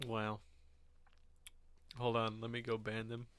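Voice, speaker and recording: Man in relaxed podcast banter. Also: fairly low pitch, slow, no room sound, clean studio sound. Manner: laughs while retelling movie scenes. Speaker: podcast co-host. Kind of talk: casual chat.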